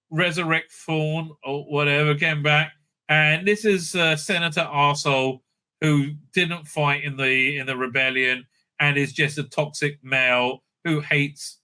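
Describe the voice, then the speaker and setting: A man's voice: a little high, bright, forceful tone. A man recapping and reviewing a TV episode in a rambling, profane and sarcastic way. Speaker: show reviewer.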